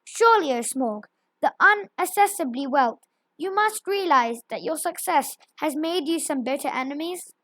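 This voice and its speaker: Small nervous male hobbit, read by a woman, timid and flattering, high, dry and close. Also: normal speed, no echo. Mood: earnest.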